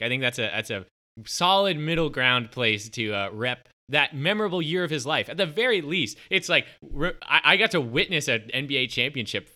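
Male co-host, very bright sharp tone, rambling and upbeat. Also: fairly high pitch. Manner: rambling, enthusiastic, laughs a lot. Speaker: podcast co-host. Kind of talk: casual film discussion.

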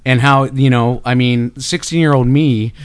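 This guest artist, a middle-aged Canadian man with a Canadian accent, talks at normal speed in a mid-range voice with fairly even intonation and a clean, echo-free tone. His casual interview chat rambles enthusiastically, packed with fillers and restarts.

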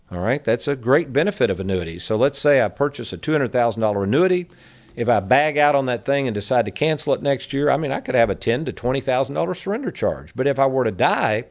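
Folksy middle-aged male radio host, chatty advice talk. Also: mid-range voice. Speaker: radio show host, annuity advisor. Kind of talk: casual financial advice talk.

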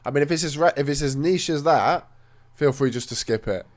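A man's voice: fairly high pitch, brisk. A man co-hosting a podcast, teasing dryly and often restarting his sentences. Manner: dry teasing, stammering restarts. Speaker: podcast co-host. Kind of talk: casual podcast banter.

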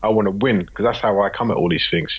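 A man from Britain, a creative director, telling animated, slangy anecdotes in a casual podcast interview. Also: lowish voice, fast talker, breathy edge, muffled recording.

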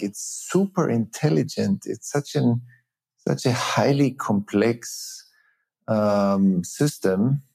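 A middle-aged man, a teacher and facilitator, explaining ideas earnestly in an interview with many pauses and restarts. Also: medium pitch, mellow. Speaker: teacher and trauma-healing facilitator, guest. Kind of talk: reflective interview talk.

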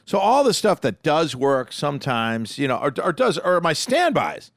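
A man who hosts a podcast and does stand-up, telling stories in a gravelly voice with lots of swearing. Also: fairly high pitch, moderate pace, no room sound, studio quality. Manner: animated, acts out his stories, swears. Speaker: podcast host and stand-up comedian. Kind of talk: casual podcast chat.

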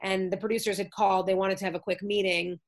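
A woman guest, an actress and comedian, telling stories in casual chat, lively, acting out the voices of others and swearing freely over a remote call. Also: mid-range voice, fast talker.

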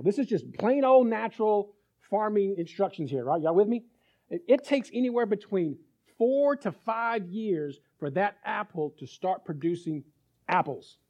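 A man preaching a sermon as pastor, animated, acting out little dialogues and asking his listeners if they follow. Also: sits high. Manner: animated, acts out little dialogues, asks the crowd.

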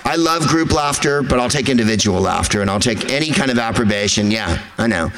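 A man telling rambling, wry stories to a live audience, slipping in quick impressions of people. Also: mid-range voice, lively intonation, fairly bright tone, a little hiss or hum, low-quality recording.

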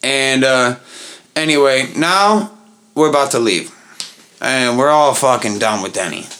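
Young guy, podcast co-host, mid-pitched, profane and animated storyteller. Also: unhurried. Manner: profane, animated storyteller acting out others' pleading voices. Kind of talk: casual storytelling chat.

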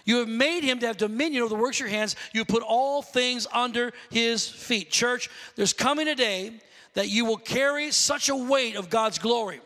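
A man preaching a sermon as pastor, impassioned, often rising to shouts and calling for amens. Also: very high voice, normal speed, long reverb tail.

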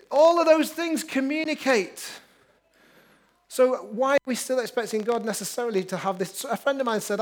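A man preaching a lively, upbeat sermon, joking with his congregation. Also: high-pitched. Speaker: pastor.

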